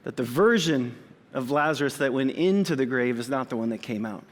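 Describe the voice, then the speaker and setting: A middle-aged man, a pastor, preaching an earnest and conversational sermon with dramatic pauses in a church sanctuary. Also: mid-range voice, lively intonation. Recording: long reverb of a large hall.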